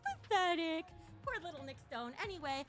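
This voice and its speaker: A woman's voice: high voice, lively intonation, normal speed, music in the background. A woman streamer ranting casually on a livestream, profane and taunting, a little out of breath.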